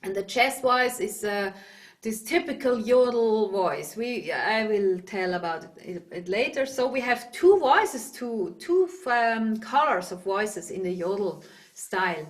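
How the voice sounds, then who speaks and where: A woman with a Swiss German accent teaching yodel online, explaining in halting English and breaking into loud calls and dog barks. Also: medium pitch, animated. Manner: halting, searches for words. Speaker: yodel instructor. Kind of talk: online singing lesson. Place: home, video call.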